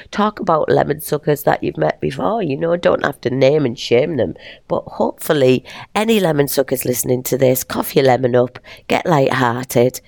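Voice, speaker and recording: Middle-aged woman, podcast host, low gravelly voice that swings all over, bouncy and jokey. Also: dry recording, studio quality. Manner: animated and playful, laughs often. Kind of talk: casual motivational monologue.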